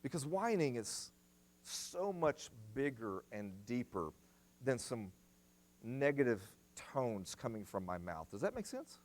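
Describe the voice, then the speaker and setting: A middle-aged man preaching in a church, his pitch climbing and dropping freely as he drives each point home. He repeats short commands for stress and talks straight to the congregation. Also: sing-song, unhurried. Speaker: guest speaker at family seminar. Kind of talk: sermon.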